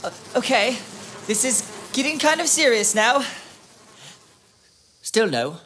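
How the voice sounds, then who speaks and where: A co-host of a scripted kids' church lesson show, talking in a lively, joking way. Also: medium pitch, takes it slowly, slight background noise.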